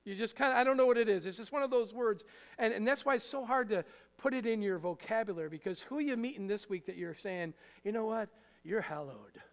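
A man preaching a sermon in a conversational way, joking with the congregation and hitting words with sudden loud emphasis. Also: high-pitched, fast. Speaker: pastor. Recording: long hall reverb.

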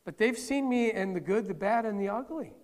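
A man's voice: high voice, a little fast. A middle-aged male pastor giving a conversational sermon in a church, with playful asides to the congregation. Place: church sanctuary. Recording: long hall reverb.

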